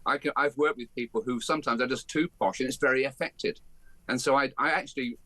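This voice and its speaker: An older man with a softened Birmingham accent, a guest on a talk radio show, speaking in an emphatic, animated and outspoken way. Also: medium pitch, fast, dry recording. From Birmingham, England. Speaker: guest, education campaigner. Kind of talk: opinionated talk radio interview.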